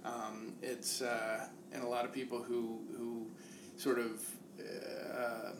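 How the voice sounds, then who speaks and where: A man in his forties co-hosting a podcast, talking casually and haltingly as he searches for words. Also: mid-range voice, completely flat delivery. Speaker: podcast co-host. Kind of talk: casual chat. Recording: echoey room with background noise.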